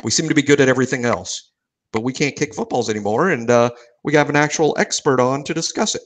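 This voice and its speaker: A man's voice: medium pitch, quick pace. A man hosting a podcast, talking in a dry, wry, self-deprecating way. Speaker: podcast host. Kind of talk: casual chat.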